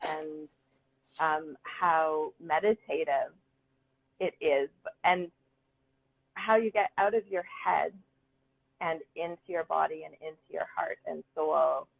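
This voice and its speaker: A woman with a deep, gravelly, slightly rough voice speaks slowly as a guest artist in a casual conversation. She talks about her work earnestly and with enthusiasm, using a lot of ums, over audio that sounds like a phone call.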